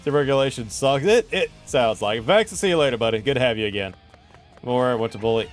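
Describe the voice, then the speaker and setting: A man's voice: medium pitch, big pitch swings, brisk, soft background music. A man hosting a casual gaming stream, playful and teasing as he chats with viewers while playing. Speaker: streamer host.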